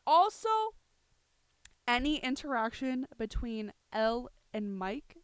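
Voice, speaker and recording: A woman hosting a podcast, ranting heatedly, swearing freely and breaking into shouts. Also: mid-range voice, normal speed, smooth, dry recording. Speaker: podcast host. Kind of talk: casual ranting commentary.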